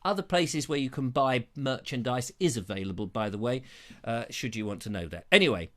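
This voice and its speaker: Male live-show host, bright tone, theatrical rambling comic delivery. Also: brisk. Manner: jokey, rambling, theatrical pitch swings. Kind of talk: live show chat, reading viewer comments. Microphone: lapel mic.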